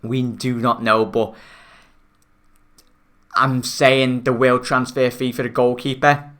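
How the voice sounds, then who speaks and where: A man's voice: medium pitch, level tone, slow pace, fairly bright tone, clean tone. A young man from Liverpool with a Scouse accent, chatting on his football fan stream, reading viewer comments and calling them mate. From Liverpool, England. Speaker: football fan channel host. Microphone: new desk microphone.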